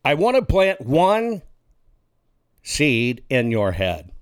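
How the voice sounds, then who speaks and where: A man's voice: medium pitch, wildly swooping pitch, takes it slowly, clean tone, no echo, clean studio sound. A male talk radio host delivering a combative monologue and building up a hypothetical scenario. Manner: combative, emphatic, insulting opponents.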